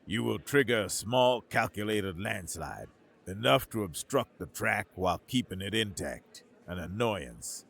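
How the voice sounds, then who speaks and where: A quiet, commanding human tactician, as a male narrator plays him in a sci-fi audio story. The voice sits fairly low and delivers firm orders in a measured, even manner. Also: creaky, breathy edge, heavily acted.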